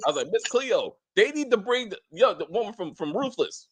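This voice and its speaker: A man co-hosting a casual TV review, animated and profane, acting out scenes in put-on voices. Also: high voice, fast talker, crowd noise. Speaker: show co-host.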